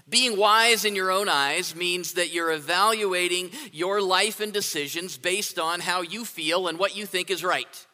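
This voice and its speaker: A man's voice: high-pitched, measured pace, few pauses, sharp tone. A man preaching a sermon in a conversational way, often asking "right?" to his listeners. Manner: conversational, asks rhetorical "right?". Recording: long hall reverb.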